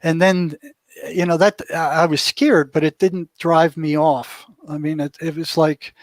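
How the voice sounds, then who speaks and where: Once a mental health worker in a prison, this older interview guest spins a vivid, casual story and voices the people in it as he goes. He speaks a little slowly in a fairly high, steady voice, with no echo.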